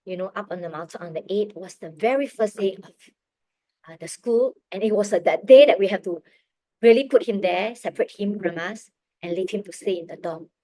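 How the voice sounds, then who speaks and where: A middle-aged woman telling a personal faith testimony as a parent, earnest and emotional, often dropping her voice very low. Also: brisk, warm tone, no room sound. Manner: earnest, emotional storytelling, drops to near whispers.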